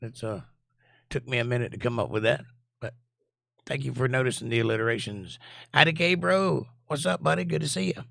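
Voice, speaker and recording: A man hosting a casual live stream and reading chat aloud, hoarse with his voice almost gone, scratchy and low, joking in a laid-back way. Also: brisk, fairly bright tone, no echo, studio quality.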